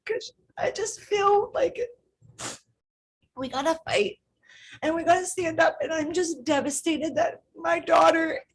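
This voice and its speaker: A woman's voice: very high voice, a little slow. A woman in her thirties, a parent giving public comment at a school board meeting, pleading earnestly and emotionally with her voice catching in tears.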